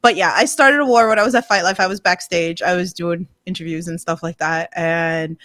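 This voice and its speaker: A woman with a New York accent co-hosting a podcast, talking in an excited, hyped way, swearing often and laughing loudly. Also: on the low side, a little fast, no echo. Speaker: podcast co-host. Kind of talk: excited casual chat.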